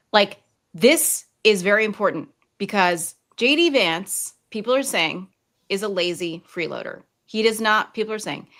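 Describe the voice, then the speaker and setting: A woman's voice: lowish voice, a bit bright. A woman hosting a political talk podcast in casual chat, emphatic and blunt, repeating phrases for effect. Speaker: podcast host.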